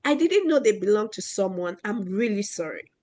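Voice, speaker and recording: A woman's voice: medium pitch, animated, moderate pace, warm tone, lightly acted. A woman voicing an apologetic young boy in a children's story, reading his lines in a surprised, sorry way.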